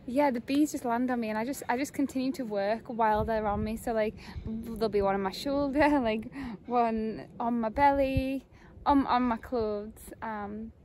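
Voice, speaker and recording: A young woman vlogs on her phone beside a pond in abbey grounds, sounding dreamy and delighted and laughing often. Her voice is a little high and darkish, at a moderate pace. The recording is low quality with slight background noise.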